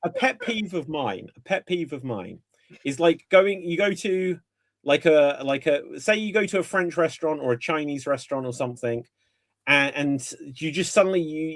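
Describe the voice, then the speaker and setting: A man's voice: on the high side, moderate pace, no echo. A man hosting a casual live-stream chat, joking and acting out bits of dialogue as he tells stories. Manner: jokey, acts out bits of dialogue. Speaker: podcast host.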